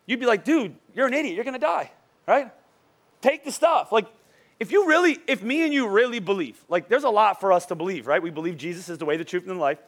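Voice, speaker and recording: A young man gives a sermon in a church auditorium in a high-pitched, slightly bright voice, talking fast with lively intonation. His style is casual and energetic, with many restarts, repeated words and frequent "right?" prompts to the crowd.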